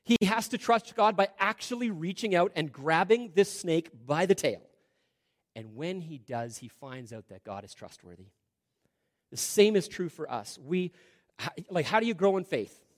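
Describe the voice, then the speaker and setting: A male pastor delivers a sermon in a slightly raised voice. He talks casually, asks his listeners questions, and drops low and quiet to stress a point. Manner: conversational preaching with rhetorical questions, dropping to quiet emphasis.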